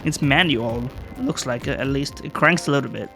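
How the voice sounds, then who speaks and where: A man's voice: mid-range voice, moderate pace, gravelly, sharp tone, soft background music. A man casually commenting while playing a video game, reading the game's text aloud and swearing offhandedly.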